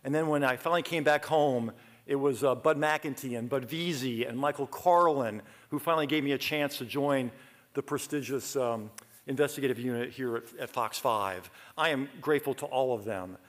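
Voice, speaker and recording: A middle-aged man from Georgia, giving a humorous acceptance speech full of lively asides. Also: mid-range voice, moderate pace. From Athens, Georgia, US. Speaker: award honoree giving a speech.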